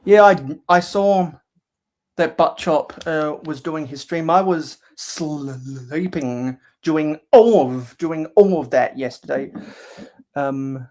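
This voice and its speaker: A man's voice: a little high, slow pace, darkish tone. A man hosting a casual livestream while building LEGO. He talks hesitantly with many fillers and reads viewers' chat aloud. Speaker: livestream host.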